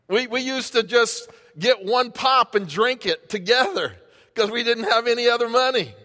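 A man's voice: very high voice, moderate pace, bright, forceful tone. A man preaching a sermon as pastor, impassioned and conversational, talking straight to the congregation. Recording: long hall reverb.

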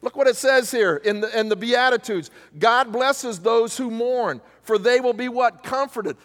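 A man with a very high voice, a bit bright and measured in pace, delivers a sermon as pastor before a congregation. His preaching is emphatic, built on repetition and rhetorical questions, and it echoes through the church hall where he stands.

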